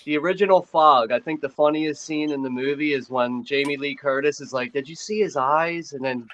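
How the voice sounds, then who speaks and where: A man's voice: mid-range voice, fairly even intonation, fairly quick, fairly bright tone, a little hiss or hum. Chuckling man through muffled audio. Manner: chuckling, acts out movie quotes. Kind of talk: casual group video chat.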